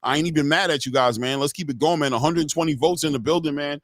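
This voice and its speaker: A man's voice: on the high side, fast, no room sound, studio quality. A man hosting a live boxing stream, giving casual, slangy fight commentary and talking straight to his viewers.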